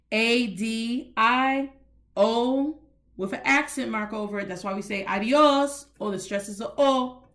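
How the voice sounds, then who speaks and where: A woman's voice: mid-range voice, a bit bright. A woman hosting a casual Spanish lesson, chatty and informal, switching between English and Spanish and spelling words out letter by letter. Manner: informal colloquial speech with "y'all". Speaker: Spanish teacher and host. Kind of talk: casual teaching monologue.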